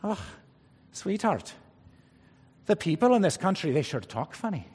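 A man voicing a bemused newly arrived wife with a lilting Irish accent, in a lighter, higher put-on voice. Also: sing-song, measured pace, a little mellow, breathy edge, big-room sound, heavily acted. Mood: amused.

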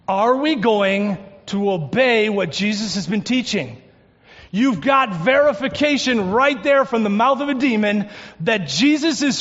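Brief: male pastor, high voice, earnest sermon delivery, muffled church room. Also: long reverb tail. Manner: earnest preaching, drops to a hush on key points. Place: church sanctuary.

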